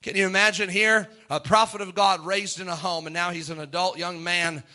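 High, bright-voiced fervent preacher man. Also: fairly even intonation, a little fast. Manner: fervent, repeats phrases for emphasis. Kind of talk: sermon.

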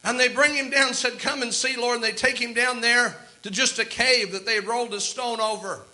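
A man's voice: very high voice, steady tone, fairly quick, bright, forceful tone. A man preaching a sermon, telling the story with impassioned, dramatic rises and outbursts.

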